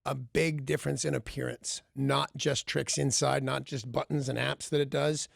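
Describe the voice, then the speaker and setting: A man's voice: mid-range voice, little pitch movement, moderate pace, creaky, no echo. A man co-hosting a morning radio show, tossing out sardonic wisecracks in casual banter from a studio microphone. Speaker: radio co-host.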